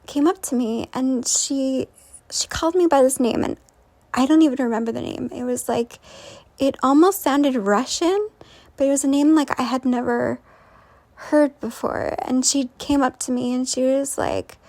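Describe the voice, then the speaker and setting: High-voiced woman telling a rambling story. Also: moderate pace, darkish tone. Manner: rambling, many fillers and restarts. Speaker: vlogger. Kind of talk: casual storytelling.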